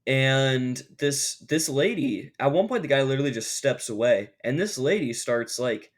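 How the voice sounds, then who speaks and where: A man's voice: mid-range voice, normal speed. A young man vlogging, telling a story in a rambling, casual way with lots of filler words. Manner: rambling, animated, lots of "like" fillers, acts out quotes.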